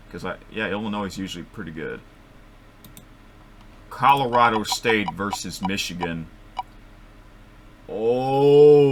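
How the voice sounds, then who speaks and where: A man thinking aloud as he makes picks at his computer microphone, rambling and correcting himself, with sudden excited outbursts. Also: lowish voice, background noise. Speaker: vlogger making bracket picks. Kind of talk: casual thinking-aloud commentary.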